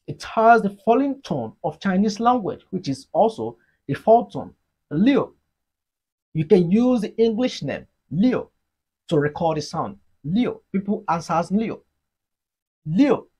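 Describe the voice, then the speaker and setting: A Mandarin teacher giving an online lesson, explaining slowly and deliberately and leading repeat-after-me drills. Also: medium pitch, sing-song, a little mellow, husky. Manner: slow, deliberate explaining, modeling sounds for learners.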